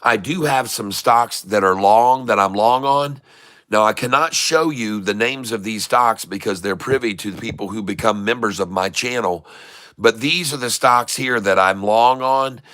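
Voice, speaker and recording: A man's voice: fairly low pitch, moderate pace, bright, forceful tone. A middle-aged man from Florida giving folksy, showman-like live market commentary and greeting viewers by name. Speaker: day-trading streamer.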